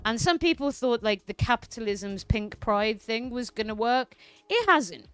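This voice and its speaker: A woman's voice: a little high, normal speed, clear, resonant tone, soft background music. Fiery, foul-mouthed woman streamer. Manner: profane, heated, ranting. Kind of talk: casual political commentary stream.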